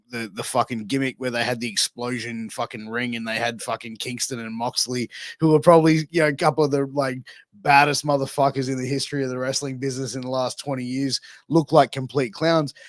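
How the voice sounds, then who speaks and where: Man, podcast host, mid pitch, casual profane storytelling, dry sound. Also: level tone, moderate pace, a bit bright, dry recording.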